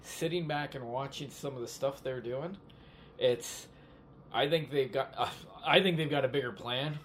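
Chatty male podcast co-host. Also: mid-range voice. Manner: animated storyteller, quick asides and laughs. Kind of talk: casual chat. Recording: faint background noise.

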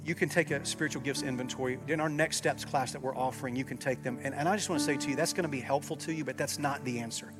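A man's voice: medium pitch, fairly even intonation, fast talker, few pauses, music in the background. Emphatic preaching pastor, man. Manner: emphatic preaching, rising loud at peaks and dropping to quiet. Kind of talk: sermon. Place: church sanctuary.

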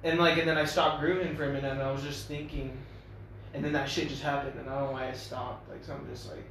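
A man's voice: mid-range voice, flat delivery, quick pace, a bit bright, distant mic, a little hiss or hum. A young man chatting casually, slangy and hesitant with lots of fillers. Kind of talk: casual chat. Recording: echoey room from off-mic.

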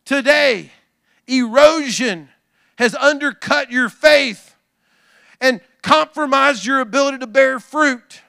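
A man preaching a sermon, folksy and talking to the congregation, swinging from low asides to shouted calls. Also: slow, creaky, no echo, clean studio sound. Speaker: pastor.

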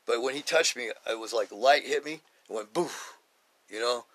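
A man on a podcast, telling a personal faith testimony in an excited, rambling way, often saying "man". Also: mid-range voice, brisk. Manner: excited, animated, repeats himself, says "man" often. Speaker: podcast host.

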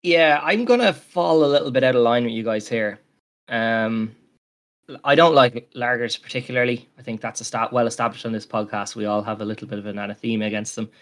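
A man's voice: mid-range voice, brisk, a bit bright. Guy rambling on a podcast, lots of ums, keen. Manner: rambling, enthusiastic, with many fillers. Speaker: podcast co-host. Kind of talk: casual chat.

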